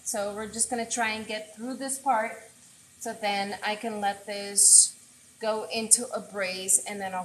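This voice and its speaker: A woman's voice: mid-range voice, fairly bright tone, echoey room, slight background noise. A woman chef hosting a casual cooking livestream, chatting straight to her viewers while she cooks, on an earbud mic in a home kitchen. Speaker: chef and host.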